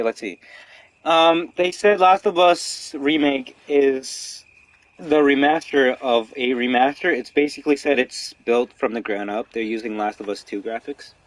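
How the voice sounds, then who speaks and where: A young man streaming a horror game, rambling casually to chat with animated, profane commentary. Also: medium pitch, dry recording. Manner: rambling, animated, swears freely. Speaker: gaming streamer.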